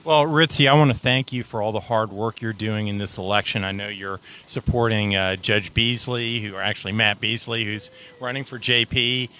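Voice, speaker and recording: A man's voice: fairly low pitch, fairly even intonation, normal speed, few pauses, pushed and bright. A man hosting a show, interviewing a campaign volunteer outdoors at a polling site with conversational, leading questions. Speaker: show host. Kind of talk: on-the-street interview.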